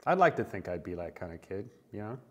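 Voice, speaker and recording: A man's voice: fairly low pitch, sing-song, fast, music in the background. A man hosting a casual reaction video, talking loosely about what he watches, swearing freely and laughing often. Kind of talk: casual unedited TV reaction commentary.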